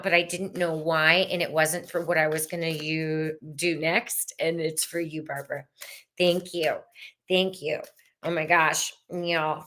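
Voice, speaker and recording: A woman hosting a live tarot stream, talking in a slow, drawn-out, unhurried way. Her voice sits a little low, and she meanders and soothes, with plenty of ums and pauses. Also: fairly bright tone. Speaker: tarot reader.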